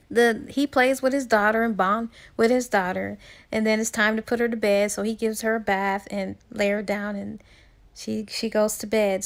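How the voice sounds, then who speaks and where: Gravelly-voiced woman retelling a story. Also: mid-range voice. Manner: chatty, storytelling, frequent fillers and restarts. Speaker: book reviewer. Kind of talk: casual plot retelling.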